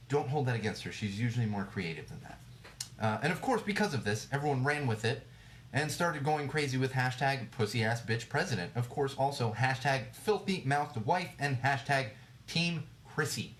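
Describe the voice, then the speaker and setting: An American man hosts a podcast, delivering a casual solo rant into a livestream mic. His voice is mid-range with slight background noise, and he's blunt, swearing a lot, using fillers and restarting sentences.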